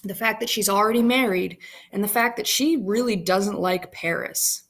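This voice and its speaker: A woman's voice: medium pitch, moderate pace, fairly bright tone. A woman teacher casually explaining a play scene by scene to students.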